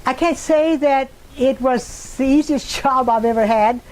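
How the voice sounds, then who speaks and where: A woman's voice: high-pitched, measured pace, darkish tone, poor audio. An older woman with a Texan accent, telling a personal story in a rambling way and acting out the voices of the people in it. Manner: rambling, acts out quoted voices. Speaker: interviewee.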